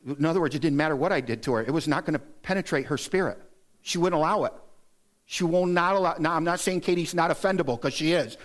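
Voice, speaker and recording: A middle-aged male pastor giving an earnest, exhorting sermon in a church, lifting his voice to stress his points. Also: quick pace. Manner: earnest and exhorting, lists points, rises in pitch to stress them. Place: church sanctuary.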